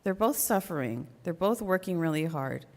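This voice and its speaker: A woman's voice: lowish voice, animated, normal speed. A middle-aged woman giving an earnest, conversational faith talk at a church memorial service. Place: church hall. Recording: long hall reverb.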